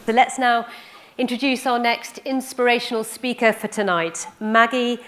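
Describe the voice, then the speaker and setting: A woman's voice: on the high side, fairly even intonation, moderate pace, a bit bright. Upbeat woman hosting a speaker event. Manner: upbeat presenter. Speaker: event host. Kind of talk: event introductions.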